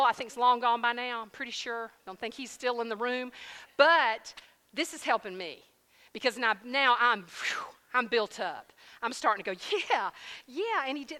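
Woman preacher, bright higher voice, lively storytelling, long hall reverb. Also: moderate pace. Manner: lively storytelling, addresses audience as y'all. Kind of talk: sermon testimony and prayer.

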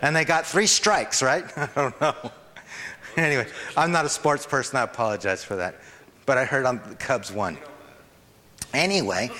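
A man's voice: medium pitch, bright, forceful tone, big-room sound. A man preaching a sermon in an informal, conversational way, often checking in with the congregation. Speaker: pastor. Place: church hall.

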